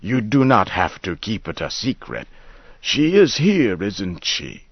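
A man's voice: fairly low pitch, wildly swooping pitch, slow pace, no room sound, dull audio, heavily acted. A man voicing a confused, grieving old farmer who insists his dead wife is alive. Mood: hopeful. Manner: insistent, pleading.

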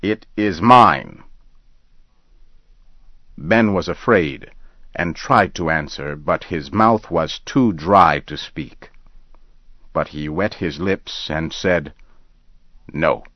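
A man reading a scripted story aloud in a slow, measured way. The recording sounds dull and lo-fi. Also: rumbling low, no room sound.

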